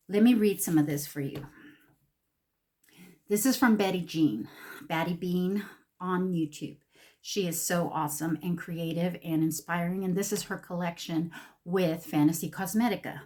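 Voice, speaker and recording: A woman beauty vlogger unboxing a makeup palette in a casual vlog, gushing and excitable, often repeating herself. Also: on the low side, moderate pace.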